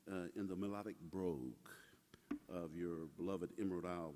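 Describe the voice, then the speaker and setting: Lower-voiced man giving a tribute speech. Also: fairly even intonation, normal speed, a little mellow. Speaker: tribute speaker. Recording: hall reverb with crowd.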